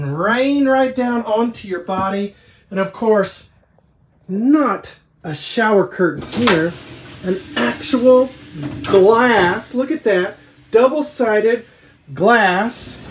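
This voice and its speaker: A man giving an enthusiastic walkthrough tour of a travel trailer as a salesman, eagerly pointing out each feature. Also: sits high. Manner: excited, keeps pointing things out "right there".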